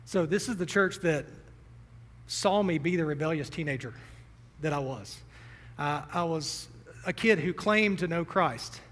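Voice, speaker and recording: A young man preaching in a church sanctuary, his fairly high voice carrying through a long, echoing hall. He speaks to the congregation directly and earnestly. He sounds a little teary and emotional. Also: unhurried, pauses often, a bit bright. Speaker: pastor. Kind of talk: sermon.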